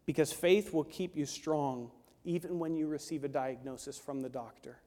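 A man preaching a sermon, swinging from hushed, intimate lines to loud, urgent ones. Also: fairly high pitch, fairly even intonation, moderate pace, big-room sound. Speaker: pastor. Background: worship team instruments.

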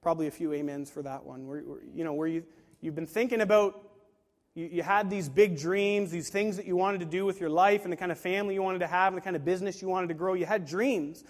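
Male pastor, high voice, emphatic delivery, long hall reverb, sermon. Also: fast. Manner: emphatic, rhetorical questions, acts out quoted voices. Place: large room with a live congregation.

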